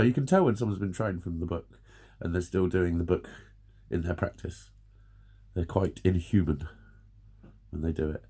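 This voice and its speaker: A man's voice: fairly low pitch, creaky, dark tone, breathy edge. A man in his forties giving blunt, sweary, earnest advice in a ranting monologue. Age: 40s. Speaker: vlogger.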